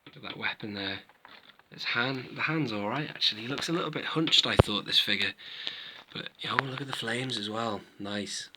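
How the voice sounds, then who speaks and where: The background is noisy as a British man in his late thirties, a toy collector, unboxes and reviews toys in a casual vlog. He speaks at normal speed in a medium-pitched voice, chatting keenly and rambling.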